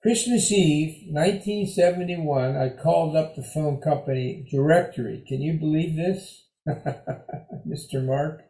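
An older man telling a personal recovery story in an animated, conversational way, repeating phrases for emphasis. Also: on the high side, unhurried, echoey room, poor audio.

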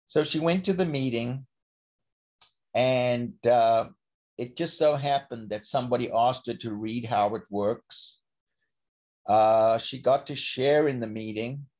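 An older man from South Africa telling a personal recovery story, halting often and repeating words as he restarts his sentences. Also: medium pitch, a little mellow. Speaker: speaker sharing a recovery story.

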